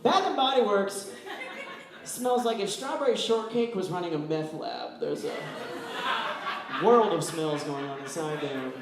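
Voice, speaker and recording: Doing a stand-up set, a West Virginia man rambles through animated stories and acts out the voices. He speaks at a normal pace in a high voice, recorded distantly in an echoey room with background noise.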